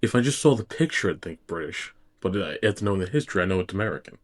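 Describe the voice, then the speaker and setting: A man's voice: deep voice, expressive, fast talker. A man co-hosting a reaction video, chatting casually and laughing sheepishly. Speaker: reaction channel host.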